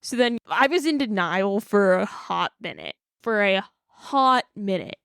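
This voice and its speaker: With vocal fry and a clean mid-range tone, a podcast co-host in her twenties speaks at a measured pace in a dry studio recording. She tells an animated story in casual conversation, performing the quotes and leaning heavily on "like."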